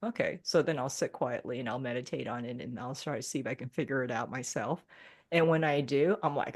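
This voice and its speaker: A woman with a low voice speaks as a podcast guest. She talks in a reflective, casual way and laughs often. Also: fairly quick, a little mellow. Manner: reflective, acts out her own thoughts, laughs often. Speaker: guest, Reiki practitioner.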